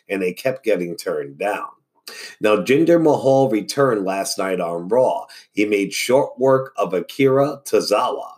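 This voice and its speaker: A man's voice: lowish voice, breathy edge. A man hosting a wrestling news podcast, reading reports casually and tripping over his words. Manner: stumbles over words and restarts.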